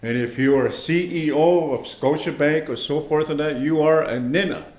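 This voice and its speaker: A man teaching an online language class, speaking slowly and patiently, repeating words and checking in with his students. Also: fairly high pitch, a little mellow, roomy sound. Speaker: language instructor.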